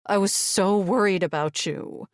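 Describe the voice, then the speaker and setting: A woman narrator voicing a worried, tender young aunt in a fantasy audiobook, speaking softly and anxiously. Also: medium pitch, measured pace, no room sound, clean studio sound, pitched above the performer's own voice, natural voice. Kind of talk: audiobook character voice.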